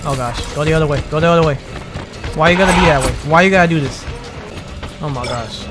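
A man giving excitable commentary on his game playthrough, yelping and pleading as things go wrong. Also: fairly high pitch, quick pace. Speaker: gamer. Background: game music.

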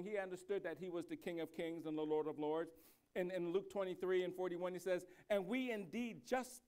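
Pastor guy preaching, kinda high voice, goes quiet then real loud and slow, lots of restarts. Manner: builds from quiet, reflective speech to loud, slow, emphatic preaching; frequent restarts and repeated words. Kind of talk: sermon.

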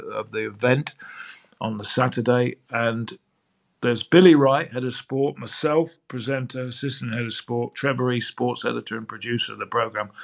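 Older man with a gravelly voice. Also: mid-range voice. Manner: lively, acts out quoted dialogue. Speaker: podcast guest, sports broadcaster. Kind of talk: anecdotal storytelling in an interview.

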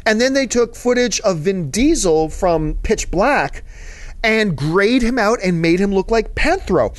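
A man's voice: sits high, animated, a little slow, no room sound. A man hosting a casual chat about movies, talking as an eager fan who rambles and drifts into asides. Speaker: show host answering viewer mail.

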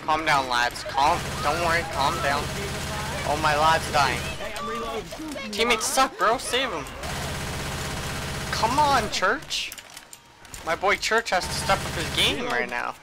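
A young man giving excitable gameplay commentary as a gaming channel host, swearing often and shouting at his teammates. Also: on the high side, takes it slowly, pauses often. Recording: loud game audio behind voice.

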